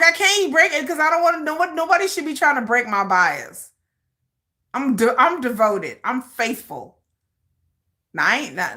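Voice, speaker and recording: Animated, bright-voiced woman livestream host. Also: a little high. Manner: animated, laughing, reacting to viewer comments; dramatic, playful ranting. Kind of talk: casual livestream chat.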